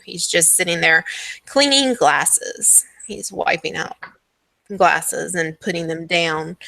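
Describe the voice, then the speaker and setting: Woman as game master, bright dry voice, casual, full of ums. Home tabletop session. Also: on the low side, vocal fry, dry recording. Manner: casual, many ums while describing scenes. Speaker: dungeon master.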